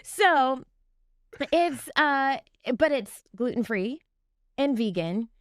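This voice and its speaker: A woman's voice: high-pitched, takes it slowly, clean tone, no echo, studio quality. A woman co-hosting a podcast, chatting casually and giggling at herself as she describes her baking. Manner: animated, giggly, self-deprecating. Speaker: podcast co-host, baker. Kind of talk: casual chat.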